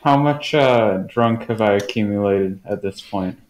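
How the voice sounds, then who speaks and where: A man playing in a tabletop game, talking in an unhurried way. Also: fairly low pitch, darkish tone, echoey room, rough recording. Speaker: player. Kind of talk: casual tabletop play.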